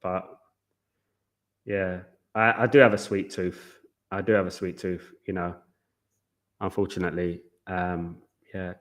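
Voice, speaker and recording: A man's voice: low-pitched, little pitch movement, a little slow, long pauses. A man hosting a live football watchalong, chatting casually and repeating himself. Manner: chatty, rambling, repeats himself, keeps saying "guys". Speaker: watchalong host.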